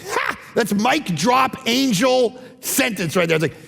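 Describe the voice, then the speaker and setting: A man preaching a sermon as pastor, animated, moving from shouts down to hushed, near-whispered lines. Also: very high voice, unhurried, creaky, slightly rough, big-room sound. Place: church hall.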